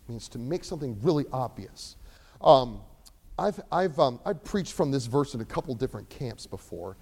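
A young man preaching a sermon, animated, swinging between loud emphasis and quiet asides. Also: medium pitch, moderate pace, breathy edge. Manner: acts out voices of characters in the sermon.

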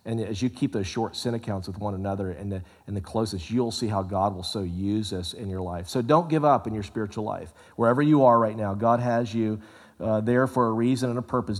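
A man preaching a sermon, animated, swinging from loud exclamations to hushed, low asides. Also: fairly quick. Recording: long hall reverb.

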